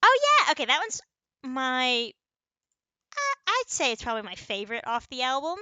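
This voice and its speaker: A young woman co-hosting a podcast in casual chat, chatty and quick to laugh. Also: high-pitched, very animated, sharp tone. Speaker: podcast co-host.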